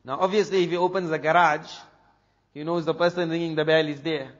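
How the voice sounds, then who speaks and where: Man, preacher, from South Africa, animated storyteller, muffled lo-fi sound. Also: fairly high pitch, a little fast. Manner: animated storyteller, drops to a hush for drama. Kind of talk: storytelling talk. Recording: dull lo-fi recording with long hall reverb.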